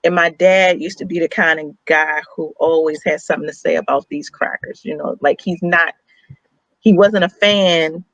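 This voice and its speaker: A woman's voice: low voice, fairly even intonation, moderate pace, a bit bright, dry recording, lo-fi sound. Blunt, emphatic young woman co-host. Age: young adult. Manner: blunt, heartfelt, profane, emphatic. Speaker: radio show co-host. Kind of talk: candid storytelling on a talk show.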